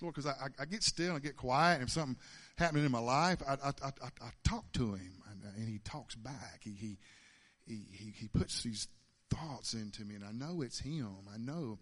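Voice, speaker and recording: A man's voice: mid-range voice, lively intonation, normal speed, fairly bright tone. A man, telling a folksy testimony at church, stammering and repeating words with frequent chuckles. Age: 50s. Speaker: church speaker. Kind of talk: conversational testimony.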